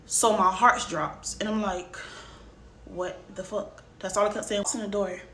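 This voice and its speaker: A woman's voice: mid-range voice, fairly even intonation, fairly quick, fairly bright tone. A young woman vlogger casually telling a personal story, talking emphatically straight to her viewers. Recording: roomy room, faint background noise.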